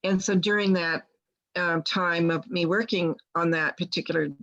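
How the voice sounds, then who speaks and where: In lo-fi audio, a woman with a lowish, slightly bright voice speaks at normal speed in a steady tone. She's a guest healer casually recounting a long personal story, rambling with many restarts and plainly quoting others.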